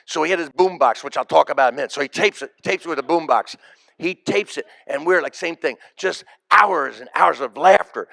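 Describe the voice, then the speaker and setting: Gravelly high-voiced man telling stories. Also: expressive, fairly quick, bright, forceful tone, no echo. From United States. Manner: emphatic, repeats key phrases for punch. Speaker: comedian giving a memorial tribute. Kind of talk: stand-up storytelling at a memorial. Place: live event before an audience.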